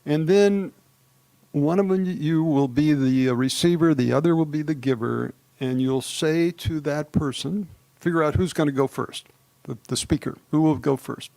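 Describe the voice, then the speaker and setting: A man with a slightly higher voice, leading a gathering hall through a live guided exercise. He sounds relaxed and chuckles often, and he draws each phrase out slowly and deliberately. The sound is dry and close to the mic. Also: creaky. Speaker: spiritual speaker leading a group exercise.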